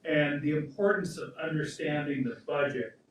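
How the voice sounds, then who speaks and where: A man, a professor, speaking at a memorial event, telling a fond anecdote with halting restarts. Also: a little high, a little hiss or hum. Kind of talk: spoken remembrance at a memorial event. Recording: echoey hall from far off.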